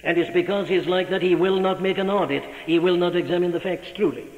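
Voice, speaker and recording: A man's voice: sits high, steady tone, fast talker. A male preacher giving an emphatic sermon, pressing the listener with rhetorical questions. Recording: dull old recording, long hall reverb.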